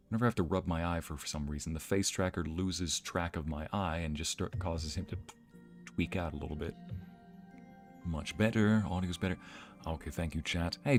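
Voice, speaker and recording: A man with a deep, low voice talks casually to his live-stream viewers, greeting them one by one and laughing easily. He speaks into a desk microphone at home, with soft music playing behind him. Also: moderate pace. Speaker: streamer and narrator. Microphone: desk microphone at home streaming setup.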